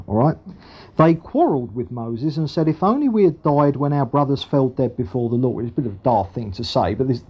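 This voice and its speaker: A man preaching a sermon and reading scripture aloud. He talks in a conversational way, with frequent asides and tag questions. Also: mid-range voice. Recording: dull lo-fi recording.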